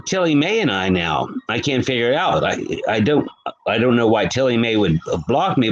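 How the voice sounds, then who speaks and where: A man's voice: mid-range voice, lo-fi sound. Chatty man greeting his live-stream viewers. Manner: chatty, greets viewers by name, rambling with restarts. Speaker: livestream host. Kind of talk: casual live-stream chat reading comments.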